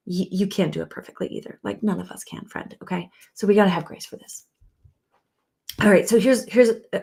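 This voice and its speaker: A woman's voice: medium pitch, darkish tone. A woman relationship coach teaching in an earnest, loose way, with many fillers and restarts. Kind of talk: casual teaching talk.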